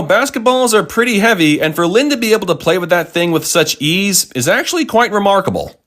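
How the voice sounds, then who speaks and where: A man's voice: a little high, a bit bright. A man commenting on a cartoon with wry, sarcastic asides. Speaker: cartoon reviewer.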